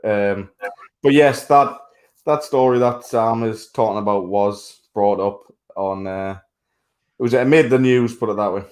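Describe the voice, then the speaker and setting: A man co-hosting a casual sports podcast, talking bluntly, swearing freely and laughing loudly. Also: lowish voice, a little slow. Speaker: podcast co-host.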